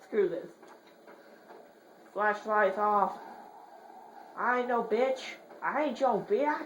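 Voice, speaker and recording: A woman giving horror game commentary, swearing in rapid repeated bursts and joking while muttering quietly between outbursts. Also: medium pitch. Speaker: gamer. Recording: roomy echo, faint hiss.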